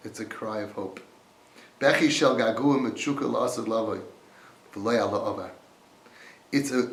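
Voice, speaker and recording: A man's voice: medium pitch, a bit bright. A man giving an impassioned Torah talk, quoting Hebrew sources and explaining them. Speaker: Torah teacher. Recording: roomy echo.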